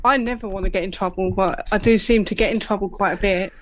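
A guest chats at a middling pitch. They talk hesitantly, with fillers and wry self-deprecation. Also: steady tone, quick pace, a bit bright, slight background noise, rough recording. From Essex, England. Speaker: guest, painter. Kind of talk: casual conversation.

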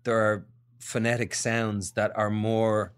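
A man's voice: on the low side, level tone, slow, clean tone. A man with an Irish accent, a guest actor thinking aloud in a casual podcast interview. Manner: reflective, searching for words.

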